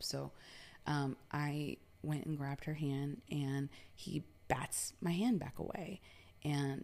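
A woman from New York recounts a story in loose, chatty talk. Her voice is very low and mellow. She peppers her speech with fillers and swears freely. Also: fairly even intonation, unhurried, creaky. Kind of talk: casual personal storytelling.

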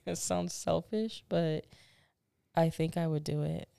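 A woman with a gravelly, mellow voice chats as a podcast co-host. She tells stories bluntly and with animation, cursing freely and laughing at herself. Her sound is close and dry. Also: deep voice, slow pace, no room sound. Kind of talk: casual chat.

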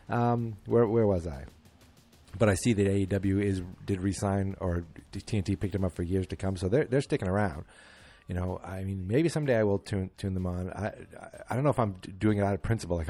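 Rambling man with a low voice. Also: expressive, fairly quick, dark tone, no room sound. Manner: rambling, wry, self-deprecating, many fillers. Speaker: podcast host. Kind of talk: casual wrestling chat.

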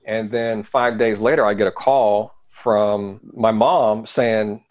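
A man's voice: fairly even intonation, slow, highs cut off. Earnest man telling a painful story. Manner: earnest, often sinking to a quiet low voice. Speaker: interview guest. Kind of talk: emotional personal storytelling.

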